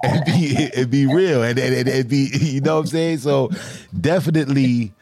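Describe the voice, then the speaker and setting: An excited man hosts a casual interview, using slang and repeating his phrases as he praises his guest. His voice sits at an average pitch and sounds dry and close. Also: moderate pace, gravelly, no room sound. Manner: enthusiastic, repetitive, slangy. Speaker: show host.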